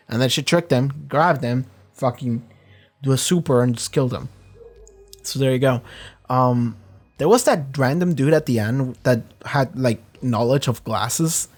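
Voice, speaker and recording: A man chatting through a show review in a loose, rambling flow. He swears freely and gets worked up, with a mid-range voice that is neither high nor low. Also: unhurried, faint music behind. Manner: rambling, profane, excitable. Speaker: reaction video host. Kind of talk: casual reaction and review chat.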